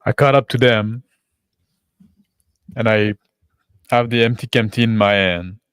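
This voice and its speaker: A man playing a tabletop game in character, steady and matter-of-fact. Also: lowish voice, a little slow, clean tone, no room sound. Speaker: player.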